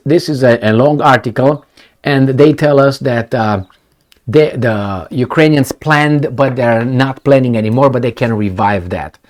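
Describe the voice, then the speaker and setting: A man's voice: mid-range voice, darkish tone. A man giving a casual solo commentary, blunt and rambling, with sarcastic asides and mocking put-on voices for quoted talk. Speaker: political commentator.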